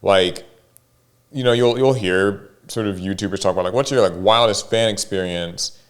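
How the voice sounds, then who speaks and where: A man's voice: on the low side, moderate pace. A man co-hosting a casual podcast chat, hedging and full of fillers. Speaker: podcast co-host.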